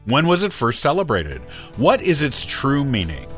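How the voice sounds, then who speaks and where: A man hosting a podcast, reading a scripted history narration in a measured, steady way. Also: mid-range voice, soft background music. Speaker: podcast host.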